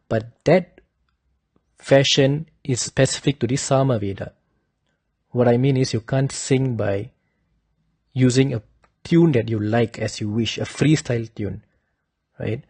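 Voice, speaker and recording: A man slowly giving a lesson, carefully demonstrating correct pronunciation. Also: mid-range voice, darkish tone, slightly rough, dry recording. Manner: slow and deliberate, demonstrating pronunciations. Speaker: teacher of Vedic chanting. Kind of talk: instructional talk.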